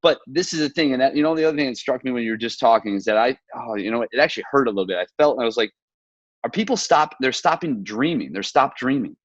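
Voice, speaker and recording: A man hosting a relaxed conversation, earnest and reflective, slipping into little stories. His voice sits at an ordinary pitch. The sound is dry and a bit dull, like a lo-fi home setup. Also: fast talker, no echo. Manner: earnest, reflective, storytelling with quoted asides. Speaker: podcast host. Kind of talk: casual video-call conversation.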